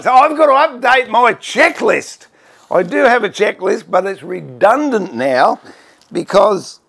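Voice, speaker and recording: Chatty Australian man with a gravelly voice. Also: sits high, fairly bright tone. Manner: chatty, self-deprecating, greets viewers by name. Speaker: woodworking livestream host. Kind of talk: casual livestream chat greeting viewers.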